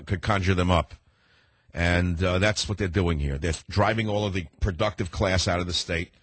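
Old new york talk radio guy, real low husky voice, rambling and combative, dry close mic. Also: no echo. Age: older. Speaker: radio talk show host. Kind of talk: opinionated talk radio monologue.

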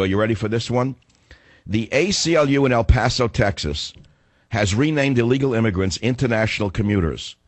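A hoarse man hosting a radio talk show, delivering a combative, ranting monologue. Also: on the low side, no room sound. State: hoarse from a cold.

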